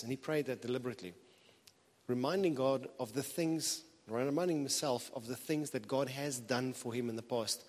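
A man preaching a sermon in a conversational, earnest way, with animated bursts of emphasis. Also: mid-range voice, normal speed. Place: church hall. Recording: reverberant hall.

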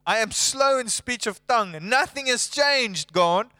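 A preacher putting on a nervous male prophet who pleads his case in a high, bright voice. The tone is clear and close, with no room around it. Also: lively intonation, a little slow, dry recording, full character voice. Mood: pleading. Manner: pleading, pitched up.

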